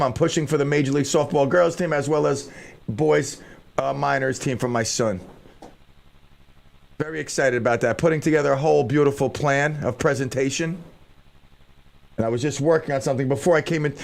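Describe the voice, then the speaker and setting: A man's voice: fairly high pitch, gravelly. A middle-aged man hosting a radio show, rambling casually and mocking himself while he fumbles with studio gear. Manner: scattered, self-mocking, thinks aloud while fiddling with gear.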